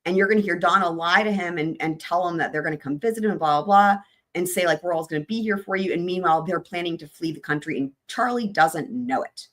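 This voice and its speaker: A woman's voice: on the low side, fast talker, fairly bright tone. A woman hosting a true crime live stream, chatting loosely with her viewers in a rambling, casual way.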